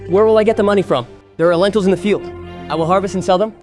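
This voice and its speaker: An actor playing the elder brother who heads a rural family, arguing and scolding in a family drama. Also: male voice, high-pitched, very fast, darkish tone, faint music behind, natural voice. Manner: scolding, argumentative. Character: stern man heading a rural family household. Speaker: elder brother and head of the household. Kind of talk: village family drama acting.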